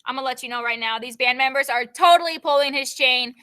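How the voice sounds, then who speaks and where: A woman's voice: sits high, fast, pushed and bright. A woman teacher reading a novel aloud over a video call, stopping to explain it in a chatty way and check in with her students.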